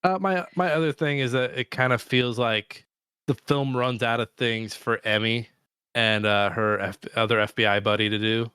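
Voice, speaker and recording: A man co-hosting a casual movie review podcast, excitable and swearing for emphasis. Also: mid-range voice, moderate pace, smooth, no room sound, clean studio sound. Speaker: podcast co-host. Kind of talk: casual film review chat.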